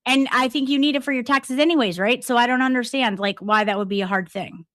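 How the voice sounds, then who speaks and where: A woman's voice: fairly high pitch, fast, fairly bright tone, dry recording, clean studio sound. A woman on a stream arguing back defensively and repeating her point. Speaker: streamer in an argument. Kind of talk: heated argument on a stream.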